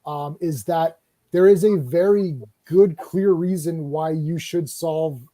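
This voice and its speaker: Guy hosting a horror movie stream, excited and laughing, acts out scenes. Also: a little high, takes it slowly. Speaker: stream host. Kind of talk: casual chat about horror shows.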